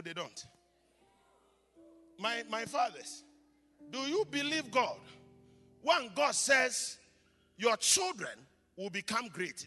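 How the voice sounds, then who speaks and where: A man delivers a sermon in a very high, bright voice. He moves from quiet scripture reading to loud shouted blessings, switching between English and Twi. His voice rings through a reverberant church hall over faint music. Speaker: pastor.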